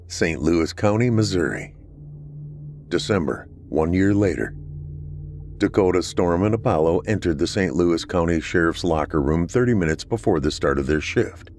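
A man narrating a scripted story for a podcast in a measured, slow storytelling delivery. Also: deep voice, animated, a little mellow, slight background noise.

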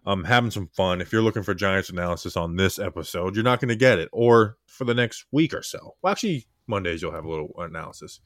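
A man's voice: low-pitched, expressive, fast, hardly any pauses, fairly bright tone, no echo, studio quality. A man hosting a casual podcast chat, talking candidly in a subdued, heartfelt way. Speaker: podcast host.

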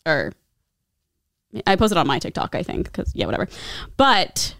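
A woman's voice: lowish voice, huge pitch swings, normal speed, gravelly, fairly bright tone, no echo, studio quality. A woman co-hosting a podcast, chatty and giggly, playfully trying out jokes. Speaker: podcast co-host. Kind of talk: casual chat.

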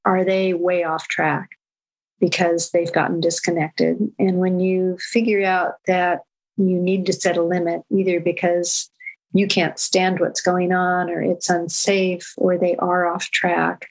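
An older woman, a parenting educator, answering an interview question in a calm, measured storytelling manner. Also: lowish voice, vocal fry, poor audio.

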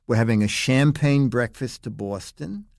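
An older man, a guest on an interview podcast, telling animated anecdotes and acting out other people's lines. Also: mid-range voice, moderate pace, gravelly, no echo, clean studio sound. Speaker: guest, longtime magazine writer.

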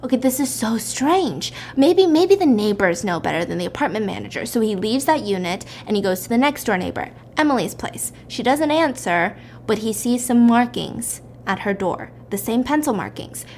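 Animated woman retelling a story. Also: a little high, normal speed, slight background noise. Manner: animated, acts out the characters' lines in raised voices. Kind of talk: casual storytelling recap.

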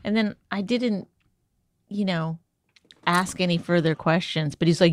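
A woman's voice: on the low side, normal speed, long pauses. A middle-aged woman comedian bantering casually with dry, blunt teasing. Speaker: stand-up comedian and podcast co-host.

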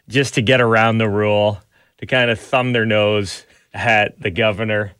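A man's voice: mid-range voice, clean tone, no room sound, studio quality. A man in his thirties, a radio show host, telling family stories in casual banter, laughing often and acting out other people's lines. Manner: animated storyteller, laughs often, acts out his child's lines.

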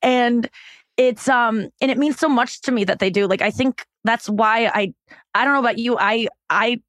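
A woman's voice: fairly high pitch, moderate pace, fairly bright tone, dry recording. A woman comedian talking as an interview guest, candid and rambling, with many fillers and restarts.

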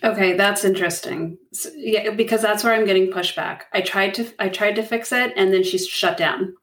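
Female podcast co-host, receptive mom, mid pitch, off-mic and echoey. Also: steady tone, normal speed, fairly bright tone. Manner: receptive, emotional, short agreeing replies. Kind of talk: casual chat. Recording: roomy, distant mic.

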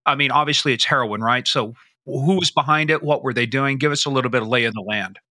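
A man's voice: medium pitch, fast talker, sharp tone, no room sound. A man hosting an interview podcast, eagerly asking questions and setting up the story for his guest. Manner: eager questioner who sets the stage and jokes with his guest. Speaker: podcast host.

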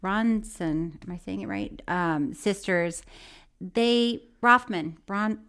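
Woman co-host, casual and teasing, mid-pitched, easy banter. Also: slow, a bit bright, clear, resonant tone. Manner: teasing, laughs often, stumbles over names. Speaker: podcast co-host. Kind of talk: casual chat.

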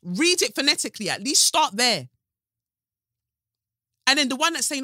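Lady podcaster ranting, sassy and punchy, bright voice, dry close mic. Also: a little high, fairly quick, pauses often, no echo. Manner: animated, emphatic, sassy. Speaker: podcast host. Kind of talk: casual commentary monologue. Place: home sofa.

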